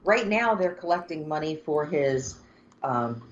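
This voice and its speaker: Woman podcast co-host, lowish voice, blunt and exasperated, swears freely, dull muffled recording. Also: expressive, a little slow, a little hiss or hum. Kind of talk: casual political chat. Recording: dull lo-fi sound.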